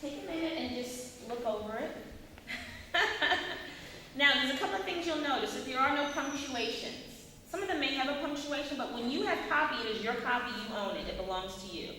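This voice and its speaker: A woman leading an acting workshop, animated and quizzing her class with questions, heard from afar in an echoey hall. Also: high voice, fairly quick. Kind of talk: classroom teaching. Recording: echoey hall, mic far off, faint noise.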